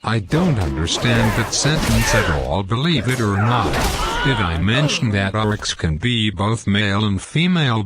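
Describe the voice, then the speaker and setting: A man narrating a game walkthrough, deliberately reading out lore and in-game quotes. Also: fairly low pitch, very noisy. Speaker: gameplay commentator.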